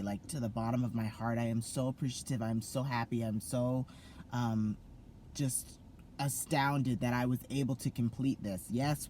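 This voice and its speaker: A man's voice: medium pitch, darkish tone, a little hiss or hum. Gushing young man vlogging. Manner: gushing, effusive, many fillers and restarts. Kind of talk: excited casual vlog to camera.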